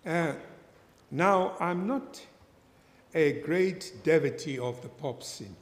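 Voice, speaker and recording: A man preaching a sermon, telling a story slowly and deliberately and acting out its characters. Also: fairly high pitch. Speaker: pastor. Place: church hall. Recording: echoey church hall with long reverb.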